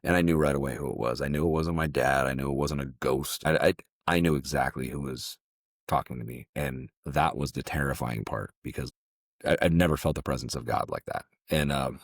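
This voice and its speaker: A man with a very deep voice tells a personal story as a podcast guest. He speaks haltingly and often repeats words as he goes. The mic sound is dry and close, with no room echo. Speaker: podcast guest, jiu-jitsu gym owner.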